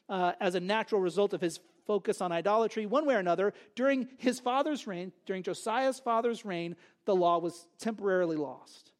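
Bible teacher, man, higher voice, chatty and lively, talks through verses conversationally. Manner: conversational, animated, asks and answers his own questions.

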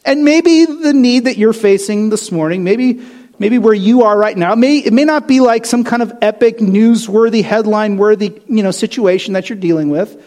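A man preaching a sermon in a conversational, animated way, full of rhetorical questions and asides. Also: high voice, normal speed. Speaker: pastor.

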